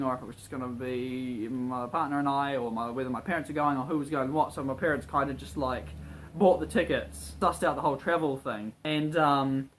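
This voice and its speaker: Young male New Zealand vlogger, slightly high voice, chatty and rambling. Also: a bit bright, a little hiss or hum. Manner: chatty and rambling, with frequent fillers. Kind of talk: casual travel vlog.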